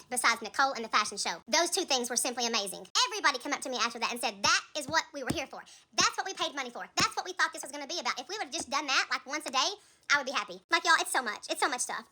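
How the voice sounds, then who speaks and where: A woman's voice: sits high, pushed and bright. A woman telling an emotional story in an emphatic, fired-up rant, repeating her points. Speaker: TikTok creator in a played clip.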